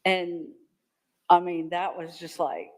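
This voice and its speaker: An older woman testifying as a witness in a courtroom. She talks haltingly and often repeats words as she recalls events. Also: on the low side, steady tone, a little mellow, rough recording. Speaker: trial witness.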